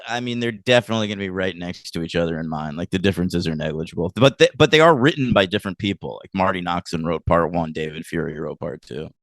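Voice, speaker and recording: Halting man co-hosting a podcast. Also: deep voice, vocal fry, dry recording, clean studio sound. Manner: hesitant, halting with fillers and restarts. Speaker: podcast co-host. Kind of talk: casual chat.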